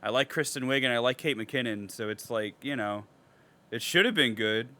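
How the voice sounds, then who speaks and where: Excitable, swearing young man with a bright voice. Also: mid-range voice, normal speed. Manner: excitable, profane, swings from mumbling to loud outbursts. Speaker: podcast co-host. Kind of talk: casual podcast chat.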